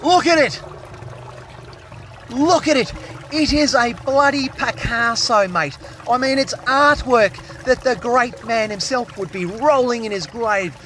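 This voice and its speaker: An Australian man vlogging a plumbing job, excitable and jokey, full of slang and hungover. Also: very high voice, slow pace, slight background noise. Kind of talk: casual on-the-job vlog commentary.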